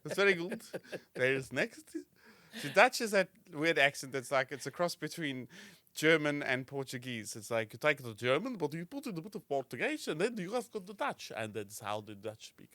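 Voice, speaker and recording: Lively, bright-voiced male podcast co-host. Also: on the high side, moderate pace, no echo. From South Africa. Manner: animated, joking, slips into silly voices. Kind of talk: casual comedic banter.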